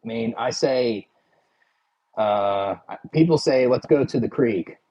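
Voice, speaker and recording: A man's voice: mid-range voice, slow pace, slightly rough, dull audio. A man with a Philadelphia accent chatting casually with his livestream viewers, rambling and full of "like" and "you know".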